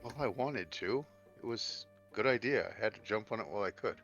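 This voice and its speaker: A man's voice: fairly low pitch, a little fast, creaky, fairly bright tone, muffled recording, faint music behind. A man playing in a tabletop game, joking around with emphatic, swear-heavy banter. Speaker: player.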